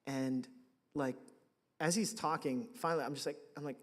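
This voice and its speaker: A man preaching a sermon, telling a personal story in a lively, conversational way and acting out his own reactions. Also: fairly high pitch, moderate pace. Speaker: pastor. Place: church sanctuary. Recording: reverberant hall.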